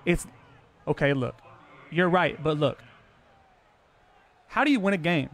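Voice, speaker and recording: Brash, high-voiced young man streaming. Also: lively intonation, a little slow. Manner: brash, profane, defensive and boastful. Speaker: streamer playing a football video game. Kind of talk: casual live-stream talk to chat.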